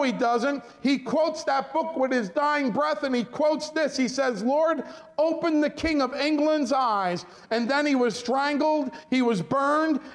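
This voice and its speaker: Male pastor, very high pitch, emphatic sermon delivery that calls for amens. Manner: emphatic preaching, keeps asking the congregation "amen?".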